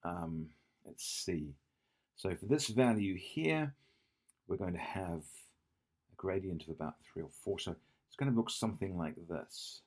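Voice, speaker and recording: In a low, darkish voice, a man tutors math in an animated but unhurried way. He draws on a whiteboard to work through an exam question, thinking aloud, revising his steps, and checking in with "yeah?".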